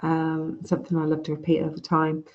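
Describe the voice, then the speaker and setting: Gravelly-voiced woman teaching online. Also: low voice, completely flat delivery, a little fast. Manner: chatty, frank, restarts phrases. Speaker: course teacher. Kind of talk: casual online lecture. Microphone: video call. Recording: dull lo-fi video call audio.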